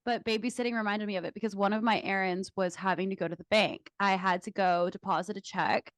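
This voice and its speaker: A woman's voice: mid-range voice, fairly even intonation, quick pace, dry recording, clean studio sound. A young woman co-hosting a podcast, telling stories in casual chat, laughing often and swearing. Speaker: podcast co-host.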